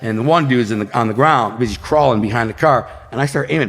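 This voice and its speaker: A man from Detroit, United States, appears as a podcast guest and casually narrates a street story, using vivid slang and sound effects to act out scenes. His voice is mid-range, a bit bright and quick, set against long hall reverb with faint music behind.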